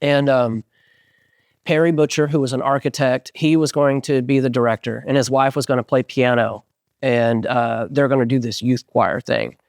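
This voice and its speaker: A man's voice: mid-range voice, normal speed, vocal fry, dry recording, clean studio sound. A middle-aged man in a casual interview, telling a story with lots of fillers and acted-out quotes. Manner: animated storyteller, many fillers, acts out quotes. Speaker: interviewed musician.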